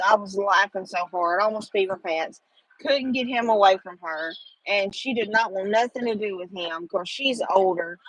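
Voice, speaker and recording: A middle-aged woman hosts a casual livestream, chatting with viewers and rambling with lots of fillers. Her voice is medium-pitched and slightly bright. The recording is rough, with no echo.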